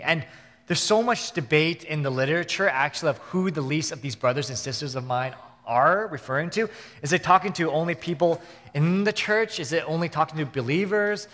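A male pastor with a fairly high voice delivers an earnest sermon, often doubling back to repeat and restart his phrases. His words ring out with a long reverb, as in a church sanctuary. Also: a little fast, a bit bright.

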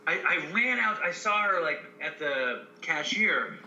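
Bright-voiced storytelling man in echoey room. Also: fairly high pitch, a little slow, dull audio, a little hiss or hum. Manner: profane, storytelling, animated. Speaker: podcast co-host. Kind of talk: casual chat.

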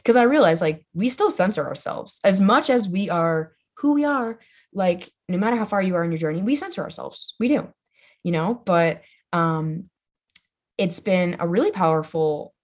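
A young woman speaks as a guest on a podcast, her voice sitting a little on the low side. She talks loosely and casually, with a constant "like" and plenty of swearing. Her manner is loud, playful and bluntly honest. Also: animated, moderate pace. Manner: chatty, says "like" constantly, swears freely. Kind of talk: casual conversation.

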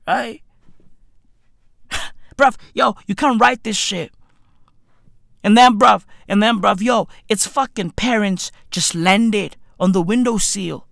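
Slow-talking man telling a sweary story. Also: sits high, gravelly, dry recording. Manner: animated, swearing, slang-heavy, repeats "bruv" and "right?". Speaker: comedic storyteller. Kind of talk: profane comedic anecdote.

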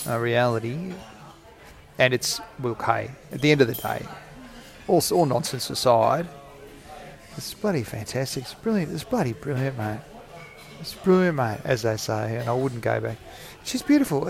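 A man, talking through a solo podcast from a cafe. His voice has a gravelly, creaky edge at a middling pitch. He rambles, jokes and pokes fun at himself as he goes. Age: 40s. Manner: rambling, jokey, self-mocking. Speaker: podcast host.

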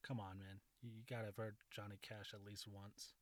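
A man's voice: lowish voice, little pitch movement, a little fast, no room sound. A man in his thirties telling a rambling school story in a casual, profane way, often laughing at his own jokes.

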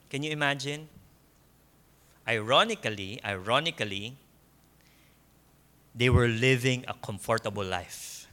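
A man with a Filipino accent preaching a sermon in a church, slow and emphatic, repeating key points and laughing softly now and then. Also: fairly high pitch. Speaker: pastor.

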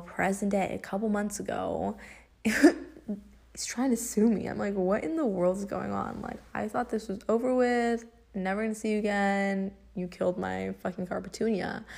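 Gravelly-voiced young woman chatting casually. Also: mid-range voice, a little mellow. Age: young adult. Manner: chatty, swears a lot, laughs often. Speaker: podcast host. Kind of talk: casual storytelling podcast.

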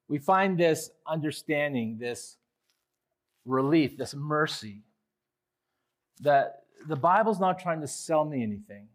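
A male pastor preaching a sermon, swinging from quiet reflection to loud, impassioned pleading. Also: animated, slow, pauses often. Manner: impassioned preaching, rising loud when voicing the psalmist; drops low and quiet on reflective points.

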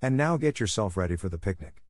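A man's voice: lowish voice, expressive, darkish tone, dry recording, studio quality. A man reading a stern, scolding farm woman. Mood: firm. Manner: brisk, scolding. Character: stern, strict middle-aged farm woman. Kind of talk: audiobook character reading.

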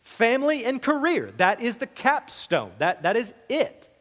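A man's voice: extremely high pitch, wildly swooping pitch, unhurried, a bit bright, big-room sound. A man preaching a sermon as pastor, talking in an emphatic, conversational way and often repeating words as he goes.

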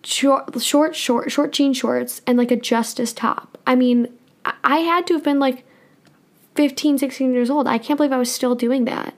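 A woman's voice: high-pitched, fairly even intonation, moderate pace. Chatty young woman, lots of "like". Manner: chatty, laughs often, says "like" a lot. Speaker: podcast co-host. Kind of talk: casual chat.

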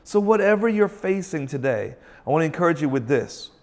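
A man preaching a sermon, emphatic and asking his listeners rhetorical questions, and drawing out key phrases slowly. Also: on the high side, expressive. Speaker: pastor.

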